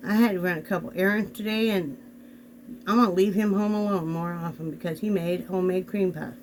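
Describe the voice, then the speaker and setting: A chatty man with a fairly high voice rambles on, talking right to his viewers. He sits on a bed in a home bedroom and is picked up by a camera on a desk. A faint hum runs behind him. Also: fairly even intonation, brisk, rough recording. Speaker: vlog host. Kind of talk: casual chat.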